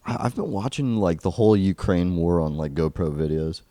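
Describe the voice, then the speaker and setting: A man's voice: low-pitched, animated, moderate pace, mellow, dry recording. A young man co-hosting a podcast, joking around in a crude, rambling, casual chat. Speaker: podcast co-host.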